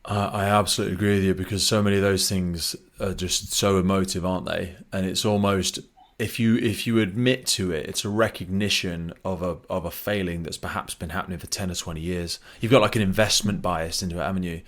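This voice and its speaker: A man hosting a podcast interview, chatty and animated, often acting out quoted remarks. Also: deep voice, brisk. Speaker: podcast host. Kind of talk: conversational interview.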